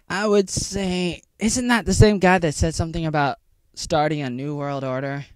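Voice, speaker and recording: A man's voice: moderate pace, clear, resonant tone, dry recording. Rambling man vlogging, dry close sound. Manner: rambling, jumps between mocking squeals and low muttering. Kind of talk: rambling monologue vlog.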